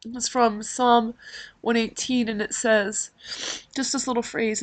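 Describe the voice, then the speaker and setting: A woman's voice: on the high side, little pitch movement, unhurried. A middle-aged woman hosting a podcast, telling a personal story in an emotional, rambling way with many fillers. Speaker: podcast host.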